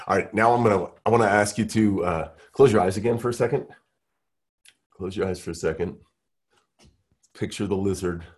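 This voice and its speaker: A man with a deep, husky voice runs an interactive workshop. He coaxes the group along with energy and keeps asking them questions. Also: darkish tone. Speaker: workshop leader.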